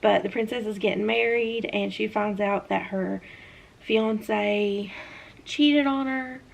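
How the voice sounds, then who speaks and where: Gravelly-voiced Southern woman chatting casually. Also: mid-range voice, slow pace. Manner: chatty, animated hand talker with many fillers. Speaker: book reviewer. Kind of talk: casual chat.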